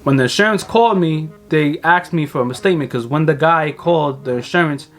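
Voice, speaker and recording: A man's voice: on the high side, brisk. A young man vlogging about cars, telling a story casually and animatedly, swearing freely and acting out what other people said. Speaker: car vlogger.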